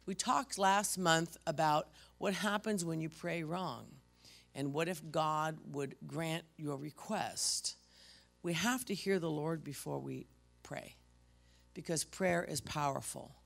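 Gravelly-voiced woman pastor preaching. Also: deep voice, takes it slowly. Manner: conversational storytelling, dropping to a hush for effect. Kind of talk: sermon with personal testimony.

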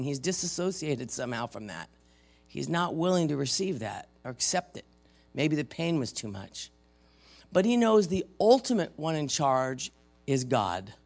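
Older male preacher, gravelly voice, talks plainly, then swells loud for scripture. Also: fairly high pitch. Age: 50s or older. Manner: conversational preaching, dramatic readings of scripture, swings between loud and soft. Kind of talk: sermon.

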